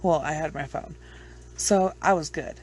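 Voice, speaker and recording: A woman's voice: sits low, unhurried, a little mellow, slightly rough. A woman with children chatting casually to her viewers, rambling, blunt and swearing freely. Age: adult with children. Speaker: true crime vlogger. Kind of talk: casual chat to camera.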